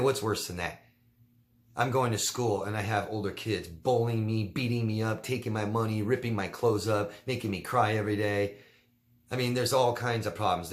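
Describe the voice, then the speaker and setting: A man with a fairly low voice who talks straight to the camera in a loose Q&A style. He is blunt and emphatic and drives his points home by repeating the key words. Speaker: relationship coach answering viewer questions. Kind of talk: casual Q&A monologue.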